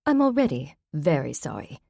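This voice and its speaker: A woman's voice: low-pitched, very animated, normal speed, gravelly, dark tone, dry recording, studio quality, full character voice. Proud elderly woman, indignant and firm, read by a woman narrator. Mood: defiant.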